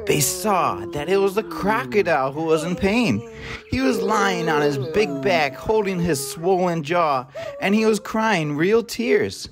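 A man reading a children's storybook aloud with a very animated, sing-song delivery. His voice sits a little high and rises and falls widely. Soft music plays underneath. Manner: lively and animated, voicing many animals. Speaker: storybook narrator. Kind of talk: expressive read-aloud for children.

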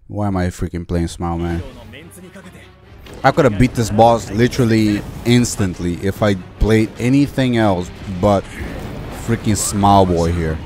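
Low-voiced young man narrating gameplay. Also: unhurried, darkish tone, soft background music. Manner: chatty, easily frustrated, swears mildly. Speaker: gaming youtuber. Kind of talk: casual gameplay commentary.

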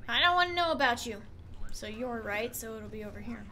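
Chatty young texas woman streaming a game, crude jokes, high voice. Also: expressive, fairly quick, pushed and bright. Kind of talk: casual game stream chat.

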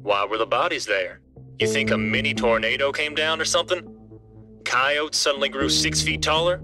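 A man's voice: mid-range voice, close to an everyday voice. A man voicing a bitter, haunted former police officer who speaks with sarcastic anger in an audio drama. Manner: sarcastic, angry.

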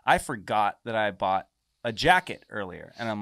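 A man guest on a podcast, telling a story in a casual, animated way and swearing freely as he acts out the lines of others. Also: on the low side, normal speed, gravelly, dry recording, studio quality.

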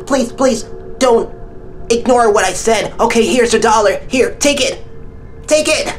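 A man's voice: extremely high pitch, measured pace, soft background music, pitched above the performer's own voice. A man voicing a timid, whiny schoolboy who stammers and pleads in a comedy skit. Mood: pleading.

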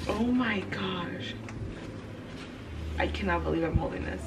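A young woman author talking casually to her camera, warm and chatty, with bursts of gushing excitement and breathy gasps. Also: on the low side, a little slow, pauses often, music in the background. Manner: gushing and breathless, many gasps and nervous laughs. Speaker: author and book vlogger. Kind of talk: casual vlog talk to camera.

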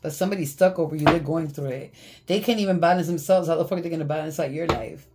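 A woman's voice: low voice, quick pace. A woman giving a casual tarot reading, blunt and profane, often breaking into laughter. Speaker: tarot reader. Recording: faint background noise.

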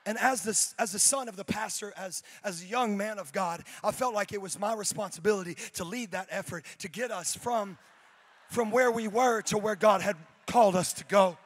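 Young male pastor, high voice, animated storytelling sermon with shouted climaxes. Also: moderate pace.

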